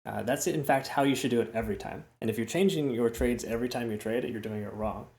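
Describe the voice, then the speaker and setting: With a quick pace, vocal fry and a darkish mid-range voice, a man runs a relaxed crypto trading chart breakdown in an echoey room. He chats freely, repeats words, and keeps tacking "okay?" and "right?" onto his sentences.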